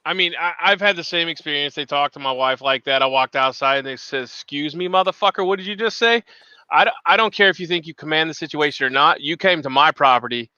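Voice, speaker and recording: A man with a bright, crisp, fairly high voice, swearing through casual chat with joking bravado. The sound is dry and a little dull, recorded close with no room around it. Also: fast talker, few pauses, no room sound.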